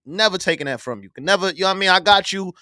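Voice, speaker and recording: A man hosting a live online show, ranting loudly and profanely with bursts of yelling. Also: high voice, very fast, no room sound, clean studio sound. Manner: loud, profane, animated, yelling at times. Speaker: podcast host. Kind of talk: heated live-stream rant.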